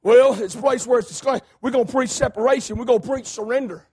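A man preaching a fiery sermon, swinging between hollering and low asides. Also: fast talker, a little mellow, breathy edge.

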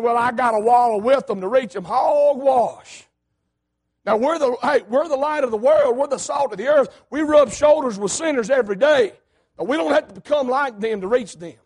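Male preacher, very high raspy voice, fiery emphatic sermon. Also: darkish tone. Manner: emphatic preaching, swings between hollering and low asides.

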